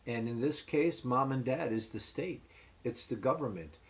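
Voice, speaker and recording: A man's voice: medium pitch, normal speed. Older guy from new jersey talking earnestly into the camera, lots of ums, hammers his points home. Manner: earnest, repeats points for emphasis, many fillers. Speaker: ministry host. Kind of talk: casual commentary to camera.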